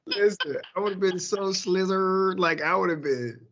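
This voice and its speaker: A man's voice: high-pitched, unhurried, a bit bright, dull audio. A man interviewing in a casual chat, cutting in with playful, teasing remarks.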